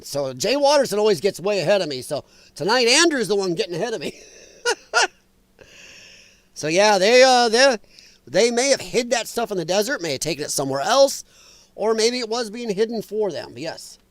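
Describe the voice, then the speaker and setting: Animated, high-voiced man hosting a stream. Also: no room sound. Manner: animated, rambling, quick to laugh. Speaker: livestream host reading chat. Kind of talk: casual political commentary stream.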